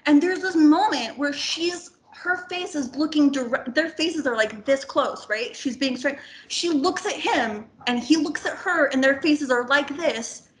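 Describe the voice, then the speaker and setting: A woman's voice: sits high, measured pace, hardly any pauses, a little hiss or hum. A woman guest on a film podcast, talking casually and rambling with lots of "like" and the odd swear word. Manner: animated, rambling, heavy filler "like", swears casually.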